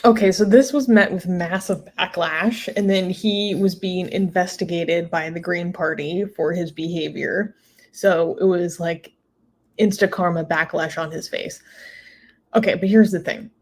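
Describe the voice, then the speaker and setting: A woman's voice: fairly low pitch, steady tone, a little slow, a little hiss or hum. A woman co-hosting a casual talk show, exasperated and emphatic, with laughing asides. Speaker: co-host. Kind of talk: casual chat.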